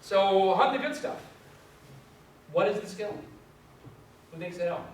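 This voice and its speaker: High-voiced young man in an echoey room. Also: measured pace, far from the mic, a little hiss or hum. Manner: animated, self-mocking, stammering for effect. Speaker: resilience trainer. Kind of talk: storytelling talk to a group.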